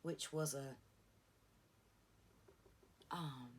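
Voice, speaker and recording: A woman's voice: sits low, fairly even intonation, drawn-out words, husky. A middle-aged woman, chatting through a get-ready-with-me beauty vlog and rambling through stories with many asides. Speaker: beauty vlogger. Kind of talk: casual get-ready-with-me chat.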